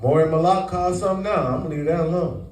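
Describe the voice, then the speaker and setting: A man's voice: fairly high pitch, quick pace, a little mellow. A man teaching scripture to a congregation, quizzing them to fill in the words. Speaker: Bible teacher. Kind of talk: call-and-response sermon teaching. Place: congregation meeting room. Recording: echoey room, mic far off.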